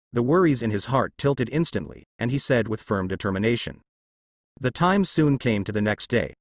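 A man narrating a translated web novel in an even, matter-of-fact reading voice. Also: mid-range voice, dry recording, clean studio sound.

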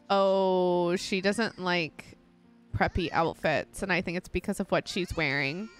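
A woman's voice: mid-range voice, a bit bright. A young woman casually commentating her life-sim gameplay, gushing and giggling often. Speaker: gaming channel host. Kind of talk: casual let's play commentary.

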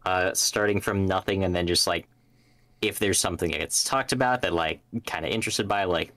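A young man co-hosting a podcast, speaking casually and haltingly with many fillers. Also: low-pitched, a bit bright, no room sound. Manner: hesitant, filler-heavy, halting. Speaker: podcast co-host. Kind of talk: casual chat about tabletop gaming.

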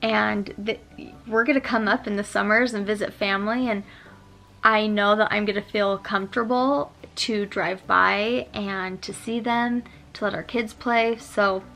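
A woman's voice: mid-range voice, steady tone, measured pace, vocal fry, fairly bright tone. A young woman vlogging with her husband, chatting casually and animatedly. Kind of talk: casual chat.

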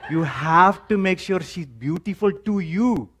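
A man's voice: high-pitched, animated, measured pace, fairly bright tone, breathy edge, voice pushed up, heavily acted. A preacher putting on an Indian accent to play his stern older father lecturing him on finding a wife. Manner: firm, lecturing, repeats "okay?". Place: church.

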